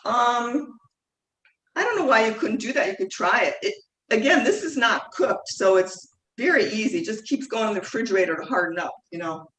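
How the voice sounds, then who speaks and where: A woman's voice: a little high, lively intonation, moderate pace, a bit bright. Chatty woman teaching cooking in an echoey room. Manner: chatty, rambling, self-correcting with frequent fillers. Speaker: cooking class instructor. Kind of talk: live online cooking demonstration. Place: home kitchen. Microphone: video call mic at a distance. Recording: echoey kitchen, distant mic, faint noise.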